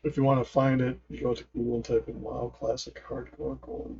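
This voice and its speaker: A man's voice: mid-range voice, monotone, fairly quick, gravelly, few pauses, mellow, muffled recording, a little hiss or hum. A man hosting a gaming channel, giving casual gameplay commentary in a rambling way, often trailing off and chuckling.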